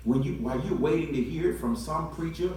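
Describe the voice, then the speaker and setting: Shouting preacher in an echoey church. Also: male voice, on the high side, fairly quick, recorded from a distance. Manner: call-and-response preaching, swells into shouts. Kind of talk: sermon. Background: congregation responding.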